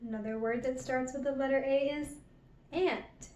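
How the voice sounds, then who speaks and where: A woman teaching toddlers phonics, gentle and encouraging, drawing out each sound. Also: high voice, fairly even intonation, recorded from a distance. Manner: gentle, encouraging, drawn-out repetition. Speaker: children's educator. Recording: roomy, from off the mic.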